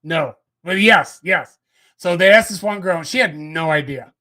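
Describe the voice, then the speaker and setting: A man with a bright, clear timbre telling a rambling anecdote on a casual talk show. He trails into restarts and laughs his way through the punchlines. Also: on the high side, moderate pace. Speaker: co-host. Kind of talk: casual storytelling chat.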